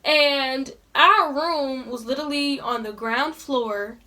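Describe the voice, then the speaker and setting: A young woman vlogger, voice high, bright, and pushed, takes her time as she tells a story. Talking casually and straight to her viewers, she rants in an indignant tone.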